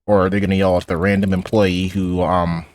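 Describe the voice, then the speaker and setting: A teenage boy with a low voice rambles through stories while he plays a game. He restarts his sentences often and drops in sarcastic asides. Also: flat delivery, fairly quick, a little mellow, no room sound. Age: teens. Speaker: gaming YouTuber. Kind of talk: casual commentary over gameplay.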